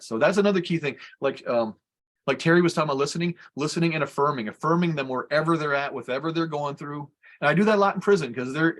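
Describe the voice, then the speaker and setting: A man's voice: fairly high pitch, fairly bright tone. A man on a podcast, telling a story casually, in a rambling way, often correcting himself. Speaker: podcast guest.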